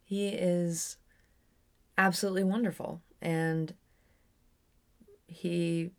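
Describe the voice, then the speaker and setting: Young woman, podcaster, deep voice, vocal fry, casual storytelling monologue, rambling. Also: takes it slowly, long pauses. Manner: candid, rambling, with frequent restarts.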